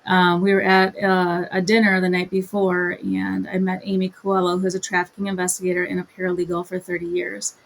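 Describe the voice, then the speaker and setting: A woman's voice: on the low side, monotone, fairly quick, creaky, hardly any pauses, slight background noise, poor audio. A middle-aged woman, a guest on an interview, telling a personal story with feeling and acting out the conversations she recounts. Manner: emotional, retells conversations in quoted dialogue. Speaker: guest, mother and advocate.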